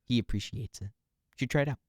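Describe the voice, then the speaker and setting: A man's voice: medium pitch, quick pace, dry recording, clean studio sound. A young man co-hosting a podcast, joking wryly in casual chat. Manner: wry, jokey. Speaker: podcast co-host.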